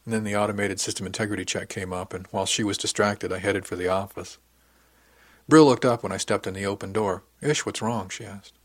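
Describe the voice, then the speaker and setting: Male audiobook narrator, low husky voice, calm first-person reading, dry close sound. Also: a little fast.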